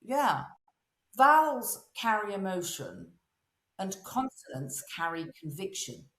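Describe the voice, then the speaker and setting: Animated woman in a roomy echo. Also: medium pitch, slow. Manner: animated storyteller, acts out quoted voices. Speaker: guest, voice and presence coach. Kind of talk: casual interview chat.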